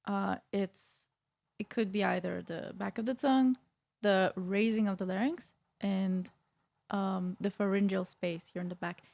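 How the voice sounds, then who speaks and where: A woman's voice: mid-range voice, fairly even intonation, a little slow, creaky, darkish tone. A woman vocal coach explaining singing technique in a casual reaction video, with frequent fillers and restarts.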